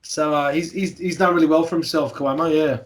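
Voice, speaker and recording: A matey Australian man hosting a podcast, who jokes around and swears freely. His voice sits clearly high for a man. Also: fairly even intonation, brisk. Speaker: podcast host. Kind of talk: casual podcast chat.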